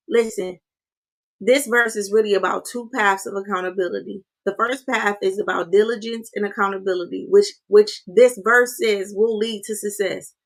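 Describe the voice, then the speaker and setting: A woman's voice: medium pitch, fairly even intonation, moderate pace. Woman, motivational livestream host, casual conversational delivery. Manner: conversational, repeats "right?" and "you guys".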